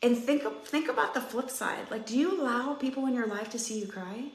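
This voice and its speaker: A woman fitness coach in her thirties talks straight to her viewers in an earnest, chatty live-stream pep talk. Her voice sits a little high for a woman. The recording has a roomy, echoey sound. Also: fairly quick. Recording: roomy echo.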